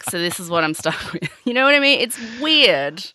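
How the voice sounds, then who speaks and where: Young female host, chatty and sweary, a bright, fairly low voice. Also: sing-song, moderate pace, no echo. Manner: chatty, sweary, heavy on filler "like". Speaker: podcast host. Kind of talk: casual storytelling chat.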